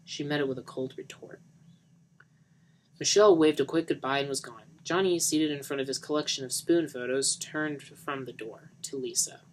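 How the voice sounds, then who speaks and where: A man reading a novel aloud in a dry, even narrating manner. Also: mid-range voice, moderate pace, low-quality recording. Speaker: reader of a novel.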